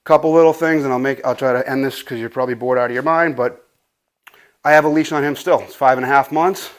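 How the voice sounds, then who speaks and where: A man's voice: medium pitch, steady tone, fast talker. Out of breath dog trainer guy, casual and a bit sweary, keeps saying right?. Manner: loose, profane, says "right?" a lot. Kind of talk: casual instructional talk. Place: home garage.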